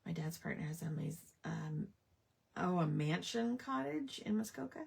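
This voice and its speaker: A woman's voice: fairly low pitch, expressive, moderate pace, vocal fry, a little mellow, slightly rough. A woman hosting a casual livestream crafting chat, talking with friends and muttering to herself as she works. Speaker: craft show host.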